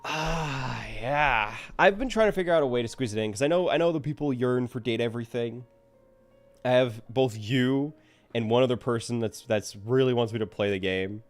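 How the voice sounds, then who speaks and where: A man's voice: medium pitch, fairly quick, soft background music. A man chatting casually to his viewers at the end of a stream, rambling and self-deprecating.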